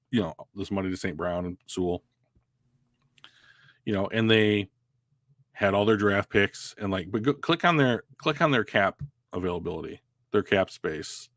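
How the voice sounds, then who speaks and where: A man's voice: on the low side, normal speed, long pauses, dry recording, studio quality. A man co-hosting a podcast in casual chat, rambling with many fillers and restarts. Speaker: podcast co-host. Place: home.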